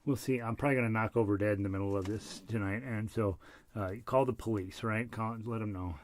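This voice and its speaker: Middle-aged male group teacher, lowish voice, easygoing and joking, a bit winded. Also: fairly even intonation, fairly quick, slight background noise. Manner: chatty and self-deprecating, with fillers and laughs. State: short of breath. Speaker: harmonica ensemble leader. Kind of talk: casual online group lesson.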